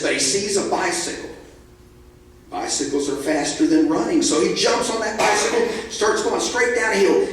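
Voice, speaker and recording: A man's voice: high voice, moderate pace, a little hiss or hum. A man telling a story live to a family audience, playful, with sound effects and questions to the listeners. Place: event hall with live audience. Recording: echoey hall, distant mic.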